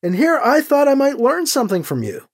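A man's voice: very high voice, sing-song, brisk, voice pushed up, exaggerated voice. A reader voicing a dry, sarcastic man who is held captive.

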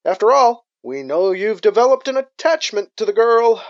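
A man's voice: high voice, very animated, normal speed, muffled recording, voice pushed up. A man voicing a menacing cyborg mercenary with an amplified, taunting voice in an audiobook.

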